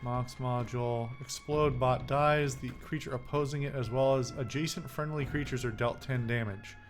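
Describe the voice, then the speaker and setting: A man's voice: medium pitch, steady tone, normal speed. A man giving casual, wry commentary while playing a game, thinking aloud as he reads the cards. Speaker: gameplay commentator. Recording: faint background music.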